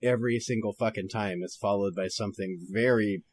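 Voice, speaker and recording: A man's voice: on the low side, fairly even intonation, brisk, a little mellow, a little hiss or hum. Chatty man who laughs a lot. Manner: laughs often, sidetracked, swears casually. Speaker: podcast host reading a story. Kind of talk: casual chat and story reading.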